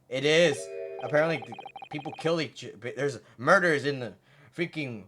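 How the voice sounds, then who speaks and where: A let's play host giving casual gameplay commentary, excitable and swearing often. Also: medium pitch, moderate pace, over music.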